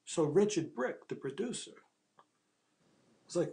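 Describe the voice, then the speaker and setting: Animated middle-aged male storyteller, higher-pitched. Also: normal speed. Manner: acts out quoted dialogue in changed voices, swears casually. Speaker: screenwriter and ghostwriter telling his story.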